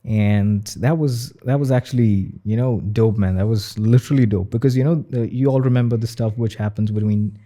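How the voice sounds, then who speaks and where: A man's voice: fairly low pitch, fairly quick, hardly any pauses, warm tone. A young man with an Indian accent chatting as a podcast guest, leaning heavily on "you know" and filler. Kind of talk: casual chat.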